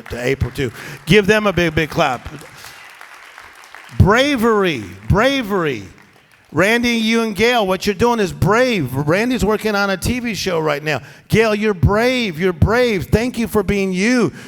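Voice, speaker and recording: Middle-aged male pastor, high voice, fiery call-and-response preaching, reverberant hall with band underneath. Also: fairly bright tone. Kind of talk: sermon. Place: church with live band and congregation. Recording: long church reverb, music behind. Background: band music.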